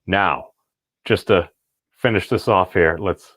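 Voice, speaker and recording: A man in middle age, hosting his own commentary video. His voice sits low and dry, right up against the mic with no room sound. He rambles from point to point with a wry, offhand tone. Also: takes it slowly, a bit bright, dry recording. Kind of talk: casual online commentary.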